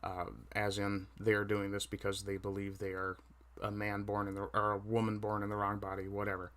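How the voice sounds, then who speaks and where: A man hosting a casual livestream, talking with frequent fillers and pauses, with a mic right under his chin. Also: on the low side, monotone, a bit bright. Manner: hesitant, many fillers, reads chat aloud. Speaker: livestream host.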